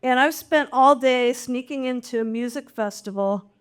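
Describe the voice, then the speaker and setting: A middle-aged woman with a high voice tells a personal story live on stage. She is wry and animated, and she pokes fun at herself as she goes. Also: moderate pace, smooth. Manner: wry, animated, self-mocking.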